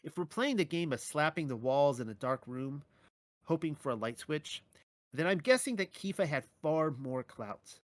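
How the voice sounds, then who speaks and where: A man reading his own Bible teaching article aloud in a measured way, with occasional stumbles and wry asides. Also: on the high side, expressive, dry recording.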